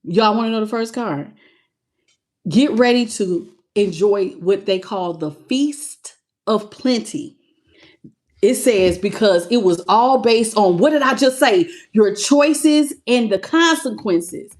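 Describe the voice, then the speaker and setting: A woman reading tarot cards live on her channel, greeting viewers by name and calling them baby with animated excitement. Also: medium pitch, slow pace. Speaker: tarot reader.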